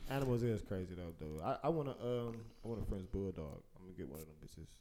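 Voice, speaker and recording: A young man from Cleveland in casual chat, quick to react and easily excited. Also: deep voice, very noisy.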